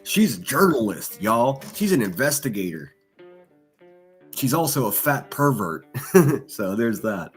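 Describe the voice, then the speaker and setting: A man's voice: medium pitch, big pitch swings, measured pace, long pauses, breathy edge, faint music behind. A man hosting a livestream, reading chat and mocking people with crude insults and laughter. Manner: insulting, sneering, laughs at own jokes. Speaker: livestream host.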